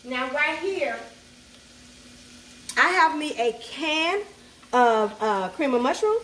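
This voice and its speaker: A woman's voice: sits high, animated, slow, a bit bright. A woman, hosting a casual cooking tutorial at home and chatting playfully as she cooks. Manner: chatty, playful, sassy asides, talks to the food. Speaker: cooking channel host. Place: home kitchen at the stove. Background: food sizzling in a skillet.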